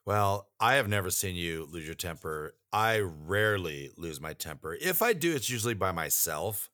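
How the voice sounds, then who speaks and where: A man's voice: low-pitched, sing-song, normal speed, pushed and bright, no echo. A middle-aged man hosting a music podcast, chatting in a wry, joking way. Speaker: podcast host. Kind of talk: casual chat.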